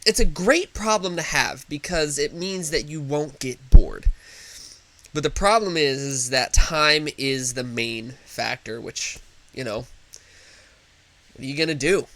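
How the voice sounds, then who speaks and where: A man's voice: a little high, measured pace, bright, forceful tone. A young man co-hosting a casual gaming podcast, joking and enthusiastic as he talks. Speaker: podcast co-host.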